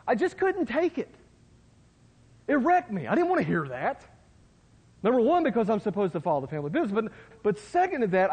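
A man's voice: very high-pitched, darkish tone, slightly rough. A man preaching a sermon in a folksy, conversational way, with asides to his listeners. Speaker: pastor. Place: church sanctuary. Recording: long hall reverb.

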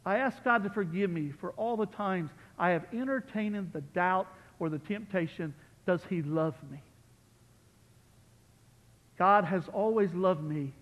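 A man preaching as pastor, building to loud peaks on key lines and dropping to soft, quiet asides. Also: high-pitched, measured pace, big-room sound, dull audio. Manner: impassioned, rises loud on key phrases, drops to soft asides. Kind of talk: sermon. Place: church sanctuary.

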